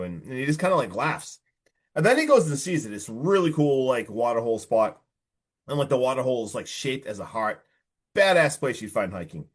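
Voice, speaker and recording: A man hosting a podcast, recapping a film in a casual, animated way with lots of filler words. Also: medium pitch, a little fast. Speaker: podcast host.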